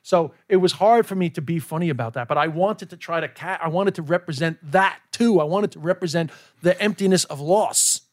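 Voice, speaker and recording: A man in his forties talks as a podcast guest. His voice sits a little high for a man. His delivery is loose and animated, full of swearing and quick asides. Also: dry recording, studio quality. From United States. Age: 40s. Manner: animated, swears a lot, slips into put-on voices. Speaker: comedian guest. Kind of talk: casual podcast chat.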